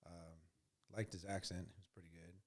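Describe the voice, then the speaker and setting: Lowish voiced guy chatting about a movie, rambles, lots of uh and you know. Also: flat delivery, brisk. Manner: rambling, lots of fillers and repeats. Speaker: co-host. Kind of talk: casual movie review chat.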